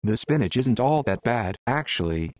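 A man's voice: medium pitch, expressive, moderate pace, no echo, lightly acted. A man voicing a sarcastic, teasing young man while reading a story aloud. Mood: blunt. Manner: sarcastic, dry.

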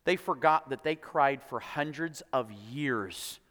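A man's voice: mid-range voice, lively intonation, slow pace, fairly bright tone. A man preaching a sermon, telling the story playfully with quoted voices and jokes. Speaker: pastor. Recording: long hall reverb.

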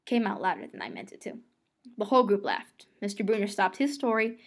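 A woman's voice: mid-range voice, a little fast. A woman reading a novel aloud, telling the first-person story in a conversational way. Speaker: reader.

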